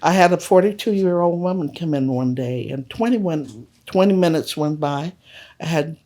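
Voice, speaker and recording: Older woman guest, mellow warm voice, earnest measured storyteller. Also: low-pitched, animated. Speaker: holistic health practitioner guest. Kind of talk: casual interview talk.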